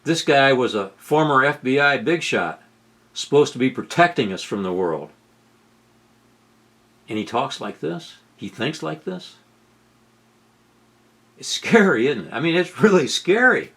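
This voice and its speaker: A man's voice: medium pitch, very animated, a little slow, pauses often. Sarcastic, incredulous male commentator. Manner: sarcastic, incredulous, rising to loud outbursts. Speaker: commentary host. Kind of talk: political commentary over video clips.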